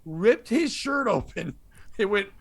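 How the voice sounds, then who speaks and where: A comedian telling a rowdy story on a podcast, laughing through it. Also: male voice, sits high, expressive, takes it slowly, vocal fry, no echo. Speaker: comedian guest.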